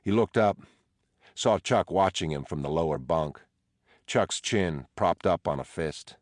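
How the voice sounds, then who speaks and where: Man, audiobook narration, deep voice, slow and measured, dry close sound. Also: expressive, no room sound. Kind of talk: scripted narration.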